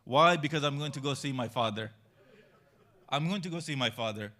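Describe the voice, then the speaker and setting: A man retelling a religious story at a mourning gathering in an emotional narrating style, growing louder toward the end. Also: mid-range voice, fairly quick. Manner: retells a tragic story, rising to loud cries.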